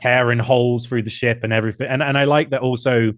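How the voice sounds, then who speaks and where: A man's voice: mid-range voice, fairly even intonation, quick pace, dry recording. Dry-sounding man chatting about films. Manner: enthusiastic, acts out quoted lines in voices. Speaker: podcast host. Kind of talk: casual film podcast chat.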